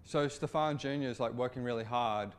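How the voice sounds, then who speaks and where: A man's voice: medium pitch, fairly quick, a little hiss or hum. Informal man doing satirical commentary. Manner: informal, repetitive restarts, occasional swearing. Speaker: political commentator.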